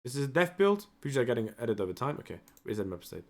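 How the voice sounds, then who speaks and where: A man reviewing a match as a coach on a live stream, emotional and animated, often tagging his points with "right?". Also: mid-range voice, fast, creaky. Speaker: esports coach.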